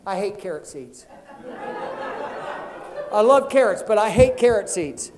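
A pastor preaching an animated sermon, acting out Bible stories and calling for amens from the congregation. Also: male voice, sits high, unhurried, slight background noise.

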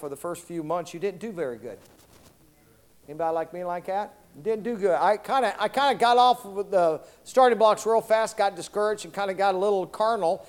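Man in his 60s, a high-pitched preacher who delivers an animated sermon and draws responses from the crowd. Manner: folksy, animated, calls out to the congregation for responses.

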